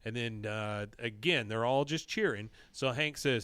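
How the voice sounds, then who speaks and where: A man with a smooth, clear voice and a middling pitch, casually walking through scenes of a cartoon episode. He is recorded close to the mic in a dry room, and now and then pops into quick impressions of the characters. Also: fairly bright tone, no echo. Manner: retells scenes, briefly mimicking characters' lines. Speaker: podcast host recapping episodes. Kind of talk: casual recap.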